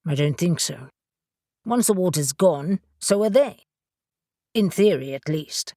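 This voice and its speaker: A woman narrating an audiobook voices a serious, knowledgeable male witch who explains things in a measured way. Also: on the low side, lively intonation, mellow, no echo, clean studio sound. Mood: focused. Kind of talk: audiobook character voice.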